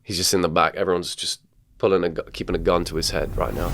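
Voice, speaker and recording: A young man doing comedic reaction commentary, jokey and animated, laughing often and squealing at gross moments. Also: deep voice, fast, background noise. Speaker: commentary YouTuber reacting to clips.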